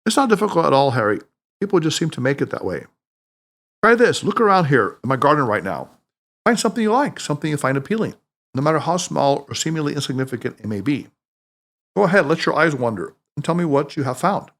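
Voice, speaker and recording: A man's voice: big pitch swings, fast, a bit bright, exaggerated voice. A man voicing a wise, playful older male mentor who teases and speaks emphatically. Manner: emphatic, teasing, booming laughter.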